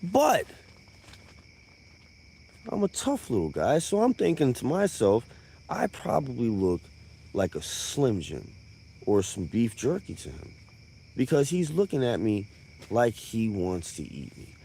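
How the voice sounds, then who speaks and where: A man's voice: mid-range voice, big pitch swings, unhurried, gravelly, long pauses, mellow, slight background noise. A man telling a profane comic tall tale on a live stream, with conversational asides.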